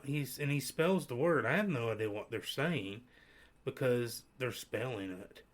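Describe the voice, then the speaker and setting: In a laid-back podcast conversation, a male host spins his stories in a wandering, lively fashion, frequently starting over. His voice sits at a medium pitch and he takes his time.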